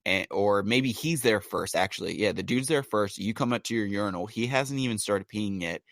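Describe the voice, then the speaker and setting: A man's voice: fairly low pitch, normal speed, dry recording, clean studio sound. A young man co-hosting a podcast in casual chat, joking and slangy, telling stories with energy. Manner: joking, slangy, animated storyteller. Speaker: podcast co-host.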